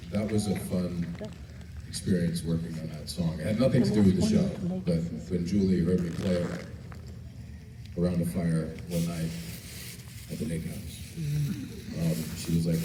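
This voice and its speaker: Guest actor at a fan panel, low voice, wisecracking and relaxed, captured from a distance in a big echoey hall with background noise. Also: male voice. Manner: joking, laid-back, rambling. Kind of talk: casual Q&A answers. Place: large indoor convention hall.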